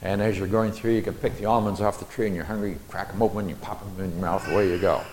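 A middle-aged man preaching an expository Bible lesson in a deliberate, explanatory way, with folksy personal asides. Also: low voice, fairly even intonation, a little mellow, slight background noise.

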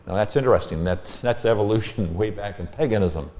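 A man reading psalms aloud and explaining the Hebrew text, measured and explanatory, stressing key verses. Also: fairly low pitch, darkish tone. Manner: measured, explanatory, emphatic when quoting verses. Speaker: Bible teacher. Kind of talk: scripture reading and teaching.

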